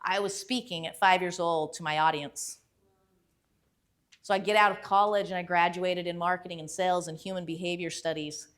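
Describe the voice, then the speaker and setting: Lively woman giving a motivational talk. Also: fairly low pitch, normal speed. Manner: lively storytelling. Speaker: motivational speaker.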